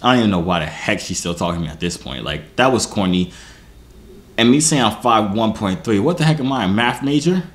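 Young male vlogger, low voice, very animated pitch, self-mocking slangy comic storyteller. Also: a little fast. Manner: joking, self-mocking, slangy, breaks things down for viewers. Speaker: YouTuber.

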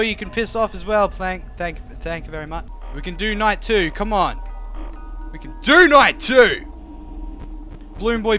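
A man's voice: high-pitched, pushed and bright. A man playing a horror game, reacting with jumpy swearing and nervous laughter. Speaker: let's play gamer.

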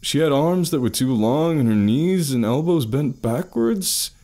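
A man's voice: medium pitch, lively intonation, a little slow, dark tone, voice pushed up. A man voicing a blunt teenage boy who speaks in a tense, urgent way. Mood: shaken.

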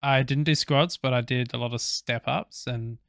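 A man's voice: mid-range voice, steady tone, moderate pace, vocal fry, fairly bright tone, clear, resonant tone, dry recording, studio quality. A young Australian man co-hosting a podcast, chatting casually and rambling with fillers and swearing. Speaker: podcast co-host. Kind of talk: casual chat.

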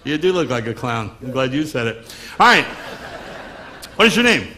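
A man's voice: mid-range voice, sing-song, moderate pace, bright, forceful tone. A man from Long Island doing a stand-up comedy magic act, wisecracking patter on stage before a live audience. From Long Island, New York.

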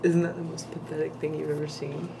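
A woman speaks from off camera with dry, low-key, teasing remarks in casual banter. A clear background hum runs beneath her voice. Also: flat delivery, quick pace. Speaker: off-camera companion.

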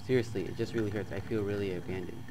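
A man playing a chat game on his channel, reading the messages aloud in a flat tone and breaking into loud, excited outbursts. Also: lowish voice, fast, heavy background noise. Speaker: gaming YouTuber. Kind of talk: let's play commentary, reading chat aloud.

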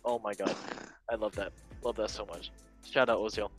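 A man's voice: fairly low pitch, steady tone, moderate pace, faint music behind. A young man hosting a casual football chat show, reading memes aloud in a chatty, playful way and laughing at his own jokes. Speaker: podcast host.

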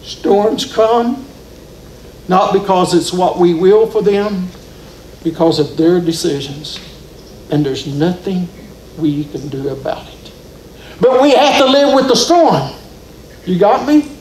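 A pastor preaches a sermon in a church sanctuary, telling the story with rising and falling emphasis in a high, slightly mellow voice. He speaks slowly with frequent pauses, with slight background noise and roomy church echo.

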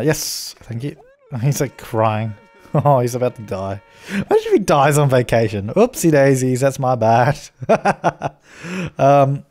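A man's voice: medium pitch, a little mellow. A man giving casual, chatty commentary over a life-simulation game, laughing often and telling his characters what to do. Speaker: let's play host.

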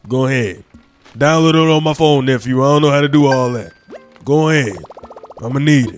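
A man's voice: a little high, lively intonation, fairly quick, faint music behind. A sleepy young man doing late-night let's-play commentary, goofy and rambling from one topic to the next. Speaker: gaming YouTuber.

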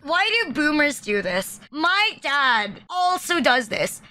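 A woman's voice: high-pitched, very animated, takes it slowly, bright, forceful tone. A woman streamer giving casual reaction commentary, blunt, swearing often and joking at her own expense. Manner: blunt, swears often, self-deprecating jokes. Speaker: VTuber streamer reacting to memes.

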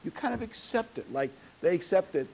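A man's voice: high-pitched, sing-song, brisk, darkish tone, rough recording. A man preaching a sermon in a conversational, folksy way, with fillers and asides to the congregation.

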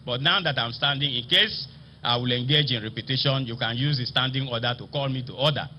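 A man with a Nigerian accent, a state assembly speaker, delivering a formal ceremonial speech in a slow, emphatic, oratorical manner. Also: mid-range voice, a little hiss or hum. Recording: slightly dull broadcast audio with faint ambience.

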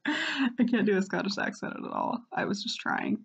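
A woman's voice: mid-range voice, lively intonation, moderate pace, gravelly, slightly rough, lo-fi sound. A woman chatting casually and self-deprecatingly, rambling between attempts at character voices. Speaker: voice hobbyist. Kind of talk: casual vlog commentary.

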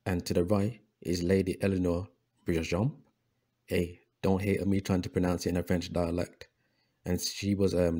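Hosting a history video, this man speaks in a deep voice with a dark tone, narrating over images in a preachy way. He calls his listeners brothers and often repeats words, leaning on fillers and restarting sentences.

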